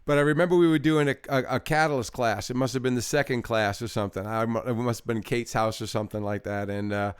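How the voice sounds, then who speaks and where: A man hosting a casual conversation, reminiscing with his guest in quick bursts. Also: mid-range voice, fairly even intonation, clear, resonant tone, dry recording, studio quality. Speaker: host.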